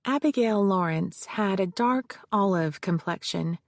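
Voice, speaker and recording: A woman narrating a mystery audiobook in the first person, with a measured, even reading and a gravelly voice. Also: mid-range voice, dry recording.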